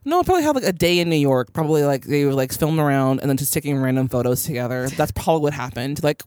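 A woman's voice: deep voice, expressive, fast, darkish tone, no room sound, studio quality. A young woman co-hosting a casual podcast, chatty and giggly as she recaps a TV episode. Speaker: podcast co-host.

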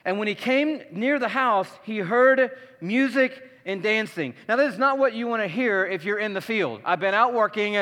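A man preaching a sermon as pastor, telling a story with animated delivery and acting out its characters. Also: sits high, normal speed, few pauses. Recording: long reverb of a large hall.

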